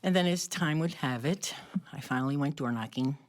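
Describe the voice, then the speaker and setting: A woman's voice: deep voice, normal speed. A woman telling a personal story in a casual group conversation, laughing often as she talks. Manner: animated, laughs often while talking. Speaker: club member telling her story.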